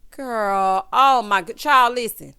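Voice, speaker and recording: A woman's voice: a little high, slow, sharp tone, clear, resonant tone. A young adult woman giving a casual, sassy recap of a reality show, calling her viewers "child" and "honey".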